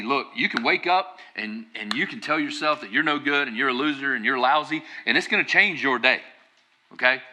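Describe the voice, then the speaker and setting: A man's voice: mid-range voice, sharp tone. A man preaching a conversational sermon as pastor, building to emphatic bursts.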